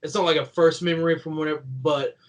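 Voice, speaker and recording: A young man with a Kentucky country twang chats as an interview guest, his voice sitting a little high for a man. He rambles through his stories with plenty of "like" and laughs as he goes. His talk stays loose and conversational. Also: fairly even intonation, fast, rough recording. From Kentucky, USA. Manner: rambling and chatty, full of "like", laughing while telling stories. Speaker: guest, professional wrestler. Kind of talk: casual interview chat.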